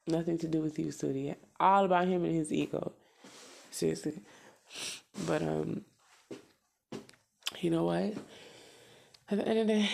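Gravelly-voiced woman venting bluntly. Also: on the low side, mellow. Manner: blunt, profane, emphatic repetition. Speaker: podcast host. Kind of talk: casual venting monologue.

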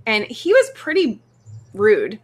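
A woman's voice: fairly high pitch, slow. A woman from Missouri, co-hosting a podcast, telling a travel story in casual chat and acting out the quoted dialogue. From Missouri, USA. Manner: animated, acts out quoted dialogue. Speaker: podcast co-host.

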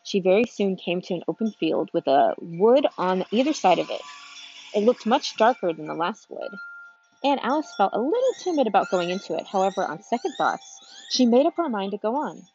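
A woman's voice: medium pitch, sing-song, a little fast, darkish tone, highs cut off, a little hiss or hum. A woman reading a children's book aloud from a street, informal, with restarts and asides. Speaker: reader.

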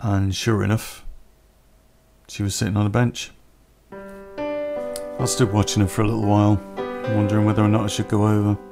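A man telling a personal story on a podcast in a plain-spoken, unhurried way with pauses. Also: on the low side, completely flat delivery, creaky, a little mellow, faint music behind.

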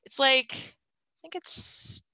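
A woman in her thirties chatting casually in an interview, laughing often and filling pauses with ums. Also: sharp tone, rough recording. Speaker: interviewee, gardening parent.

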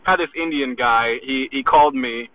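A man's voice: medium pitch, normal speed. A man selling fitness equipment delivers an aggressive, profane motivational rant, swearing constantly and sounding agitated. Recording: tinny phone-like audio.

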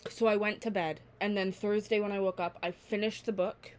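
A woman's voice: mid-range voice, fairly even intonation, brisk. A nineteen-year-old woman hosting her own podcast, chatting alone in a rambling, candid way and swearing freely. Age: late teens. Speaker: podcast host. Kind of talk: casual solo podcast chat.

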